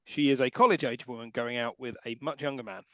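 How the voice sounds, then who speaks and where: A British man co-hosts a casual film podcast in a measured, wry manner, pausing and restarting now and then. His voice sits at a middle pitch, and the recording is close and dry. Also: dry recording, dull audio. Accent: British English. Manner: measured, wry, halting with fillers. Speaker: podcast co-host. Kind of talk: casual film review chat.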